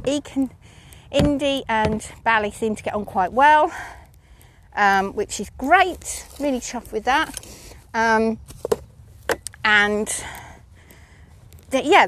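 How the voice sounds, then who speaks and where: A woman chatting casually about her horses, giggling often and filling pauses with ums. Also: medium pitch, a little hiss or hum. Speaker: horse owner vlogger. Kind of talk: casual chat.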